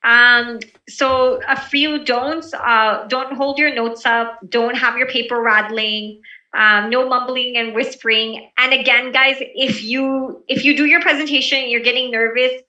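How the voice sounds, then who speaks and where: Woman instructor on a video call, bright and fairly high, encouraging tone, echoey room. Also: distant mic, dull audio. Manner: relaxed and encouraging, with many fillers. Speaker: presentation skills instructor. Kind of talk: online class teaching.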